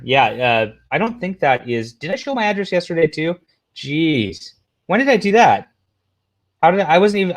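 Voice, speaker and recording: A man hosting a casual livestream, rambling through commentary, reading posts aloud, talking to the chat and throwing in sarcastic asides. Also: mid-range voice. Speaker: livestream host.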